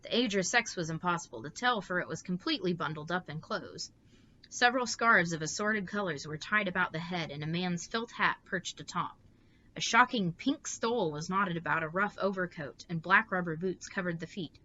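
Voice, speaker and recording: Lady reading a bedtime story, bright clear voice, lowish pitch, dull lo-fi audio. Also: moderate pace, a little hiss or hum. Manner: steady, expressive read-aloud.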